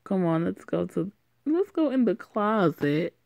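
A woman's voice: medium pitch, big pitch swings, a little slow, gravelly, darkish tone, dry recording, dull audio, voice pushed up. A woman voicing a drunk, pushy teenage boy in a homemade voiced story who talks in brash, insistent bursts. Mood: pushy, tipsy.

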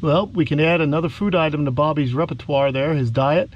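A man's voice: a little high, fairly quick, muffled recording, a little hiss or hum. A man with a New York accent hosting a casual outdoor vlog, explaining animal care enthusiastically and coaxing the lizards along like pets. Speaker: reptile keeper and channel host.

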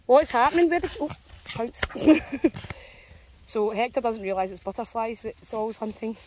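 A woman's voice: fairly high pitch, lively intonation, moderate pace, darkish tone, a little hiss or hum. A woman chatting casually to her dogs and camera while walking them in a field, self-mocking and rambling. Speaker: dog walker vlogger. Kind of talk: casual vlog chat. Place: outdoors in a field.

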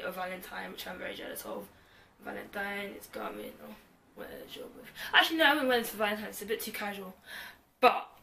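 A woman's voice: medium pitch, creaky, a bit bright, slight background noise. A woman chatting through a clothing try-on haul at home, rambling and joking at herself, full of "like". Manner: bubbly, rambling, self-mocking, heavy use of "like". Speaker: fashion vlogger.

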